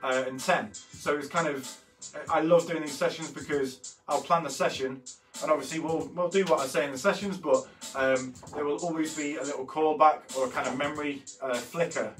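A man's voice: on the high side, steady tone, moderate pace, fairly bright tone. Rambling man in his thirties. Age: 30s. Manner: chatty and rambling, with frequent fillers and self-corrections. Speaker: art workshop host. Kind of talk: casual walkthrough of artwork. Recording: slightly distant mic with faint music behind.

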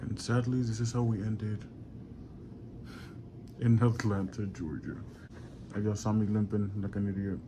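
A man's voice: fairly low pitch, little pitch movement, measured pace, long pauses, background noise. Weary young man vlogging, sore and lightheaded. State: in pain and lightheaded. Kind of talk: casual vlog talk to camera.

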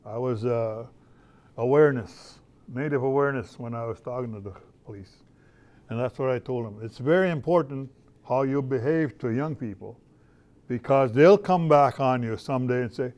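A man's voice: medium pitch, moderate pace, a little mellow, highs cut off. An older man, an artist talking casually to schoolchildren in a folksy, storytelling way, often repeating his phrases. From Canada. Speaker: visiting artist.

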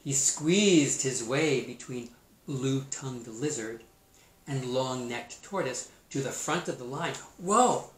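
A man, a teacher, reading a storybook aloud in a playful, expressive way and adding his own comments on the story. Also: mid-range voice, slow pace. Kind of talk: storybook read-aloud with asides. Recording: roomy echo.

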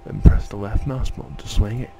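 A man doing a gravelly, bossy game instructor. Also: on the low side, a little slow, background noise. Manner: condescending, barking instructions. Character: gruff, bossy male tutorial instructor with a wandering mock Scottish accent.

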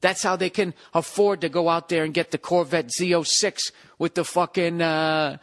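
A man rambles through a solo podcast, sarcastic and full of swearing. His voice sits a little high for a man, and he keeps slipping into mocking impressions of other people. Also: normal speed. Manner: profane, sarcastic, animated ranting with mocking impressions. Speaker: podcast host.

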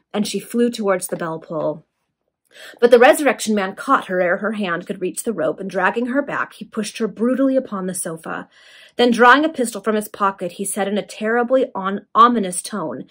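A woman reading a Victorian serial aloud to friends in a relaxed, casual way, with fillers and quick recaps. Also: fairly low pitch, husky. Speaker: reader.

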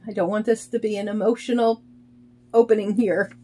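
A woman casually talking through opening a package in a chatty, halting way, counting things aloud. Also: mid-range voice, steady tone, warm tone, husky. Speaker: reborn doll vlogger. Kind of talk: casual unboxing vlog.

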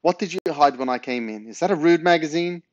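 A man's voice: fairly high pitch, expressive, quick pace, dry recording, muffled recording, voice pushed up, lightly acted. A man reading aloud, voicing a chatty, prying mother in a raised voice. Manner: prying, gushing. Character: fussy chatty mother, middle-aged woman.

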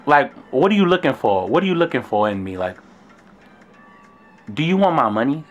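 A man in his twenties with a New York accent, telling a story in an animated, slangy and profane way. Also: medium pitch, normal speed, dull audio. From Brooklyn, New York. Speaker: vlogger. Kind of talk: casual storytelling.

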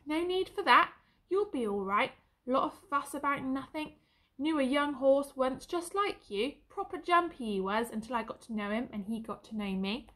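A woman voicing a kind young soldier who talks softly and coaxingly to a horse. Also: high-pitched, normal speed. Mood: gentle. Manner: soft, coaxing.

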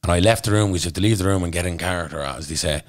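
A man's voice: low-pitched, racing, no echo, clean studio sound. A man with a Dublin accent, a podcast guest telling his story bluntly and intensely, swearing freely. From Ireland. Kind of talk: candid storytelling in conversation.

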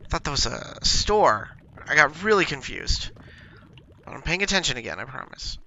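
A man's voice: fairly high pitch, lively intonation, moderate pace, pushed and bright, highs cut off. A young man hosting a gaming channel, giving jumpy let's-play commentary and talking to himself and to the monsters chasing him.

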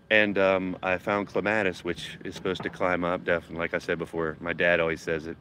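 A man's voice: low-pitched, fairly even intonation, moderate pace, fairly bright tone, a little hiss or hum, low-quality recording. A man hosting a casual gardening livestream from his backyard, chatting and swearing loosely while reading out viewer comments. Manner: chatty, swears casually, reads chat aloud.

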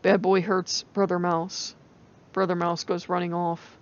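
A woman with a rural American country accent, rambling and animated in a casual spiritual vlog, laughing often. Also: lowish voice, unhurried. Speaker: channel host. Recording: dull lo-fi recording.

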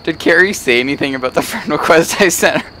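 A man's voice: a little high, quick pace, bright, forceful tone. A man chatting casually and teasing his friend while playing a game. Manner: joking, teasing, sings snatches. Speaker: gamer. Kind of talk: casual gameplay chat. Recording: faint background noise.

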